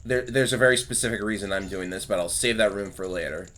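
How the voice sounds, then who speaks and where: A man's voice: on the low side, fast, slight background noise. A man chatting casually as he plays through a video game, thinking aloud about his next move. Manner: relaxed, thinks aloud while playing. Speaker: let's play host. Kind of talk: casual gameplay chat.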